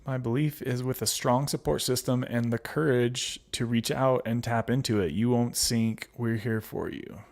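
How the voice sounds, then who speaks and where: A man's voice: mid-range voice, moderate pace, few pauses, darkish tone. A man hosting a casual livestream, reading viewer comments aloud and answering them with fillers and laughs. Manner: chatty with frequent fillers and laughs. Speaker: livestream host.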